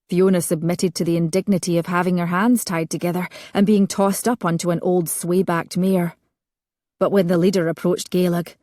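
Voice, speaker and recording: Low-voiced woman narrating an audiobook. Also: darkish tone, no room sound, studio quality.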